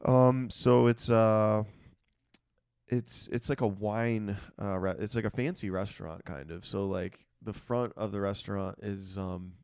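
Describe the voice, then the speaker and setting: Male podcast host, deep, smooth voice, dry close mic, easygoing, cursing, lots of ums. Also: a little slow, no room sound. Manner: relaxed, filler-heavy, swears freely. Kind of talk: casual conversational chat.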